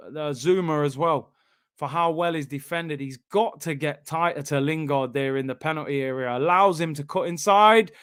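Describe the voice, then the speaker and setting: A young man streaming a live football watchalong, reacting excitedly, shouting at big moments and bantering with his chat. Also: on the high side, clear, resonant tone, dry recording, clean studio sound.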